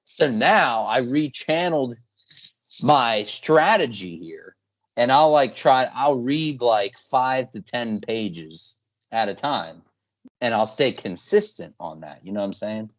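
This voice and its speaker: Hosting a podcast, a young man takes it slowly, his medium-pitched voice carrying lively intonation. The casual chat wanders, with hesitations, many fillers, and unfinished thoughts.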